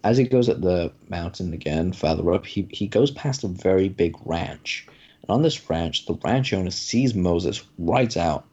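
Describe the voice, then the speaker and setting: Casual storyteller, man, low mellow voice, muffled recording. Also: expressive, moderate pace, breathy edge. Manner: casual, paraphrasing with many fillers. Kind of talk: podcast conversation, storytelling.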